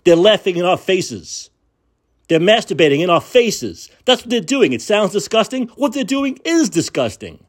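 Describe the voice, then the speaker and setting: Angry man, swearing, sarcastic, pitch swinging all over, fairly high voice, a political rant. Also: sing-song, moderate pace. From United States. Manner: angry, profane, sarcastic ranting; repeats words for emphasis. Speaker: podcast host.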